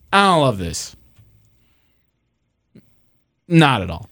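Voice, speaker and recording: A man's voice: on the high side, very animated, normal speed, fairly bright tone, dry recording, clean studio sound. A young man co-hosting a sports podcast, ranting sarcastically and swearing as he builds up heat. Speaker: podcast co-host. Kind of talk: casual sports podcast rant.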